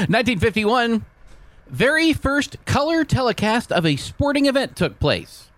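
This sports radio co-host has a very high voice and a slightly slow delivery as he reads the day in history. Animated and teasing, he laughs often while ribbing his co-hosts, with no room sound audible.

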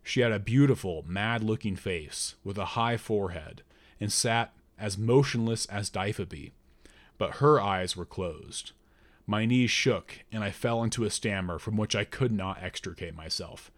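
A man reading a first-person story aloud in a measured, deliberate narrating voice. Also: lowish voice. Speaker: audiobook narrator.

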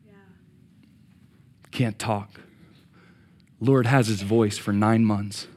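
A middle-aged man preaching a sermon, swinging from loud excited peaks to quiet reflection and repeating words as he restarts. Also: fairly low pitch, extremely slow. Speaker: pastor.

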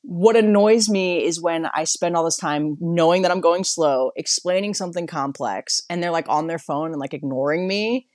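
A young adult woman co-hosting a casual podcast chat, talking quickly, cutting herself off and acting out quoted dialogue. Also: lowish voice, a little mellow, dry recording, studio quality. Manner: fast, self-interrupting, acts out quoted dialogue. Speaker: podcast co-host.

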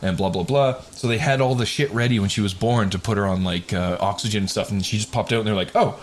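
A man's voice: lowish voice, fast talker, slight background noise. A middle-aged man co-hosting a podcast, joking crudely and laughing often in casual chat. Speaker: podcast co-host.

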